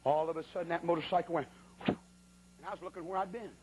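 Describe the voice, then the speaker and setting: A man with a high-pitched voice preaches a sermon and tells a comic story in a folksy, colloquial way. He breaks into sudden exclamations as he talks to the congregation. A light hiss of noise runs under the recording. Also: steady tone, fast talker.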